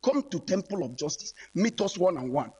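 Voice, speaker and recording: A man's voice: high-pitched, sing-song, brisk, dark tone, husky. A man, preaching on the radio and fervently calling out to listeners, again and again. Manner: fervent, repetitive, calls out listeners directly. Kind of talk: preaching broadcast appeal.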